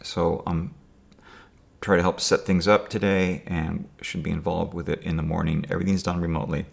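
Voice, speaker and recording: A man's voice: low voice, flat delivery, normal speed, creaky. A man talking to camera in a rambling personal monologue, with dry sarcastic humor and many fillers and restarts. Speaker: video diarist.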